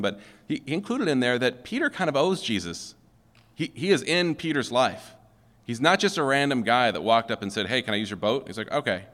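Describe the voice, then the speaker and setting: A man's voice: mid-range voice, fairly bright tone. A male pastor preaching a sermon in a conversational way, often checking in with "okay?" and putting questions to the room. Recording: long hall reverb.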